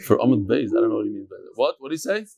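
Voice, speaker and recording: A man with a medium-pitched, gravelly, warm voice and a breathy edge speaks in an animated, rapid-fire way. He leads a casual daily Talmud class for a live study group in a room, chanting the Aramaic and explaining it in chatty English while joking and bickering with his students.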